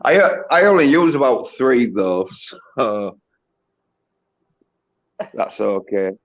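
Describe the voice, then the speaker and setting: A man's voice: medium pitch, sing-song, slow pace, highs cut off. A man hosting a livestream, blunt and heavily profane in casual chat. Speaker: livestream host.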